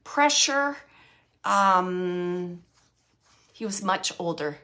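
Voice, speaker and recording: A woman's voice: fairly low pitch, expressive, drawn-out words, sharp tone. A woman working as a psychic medium, chatting to an online audience, laughing often and relaying messages she says she hears.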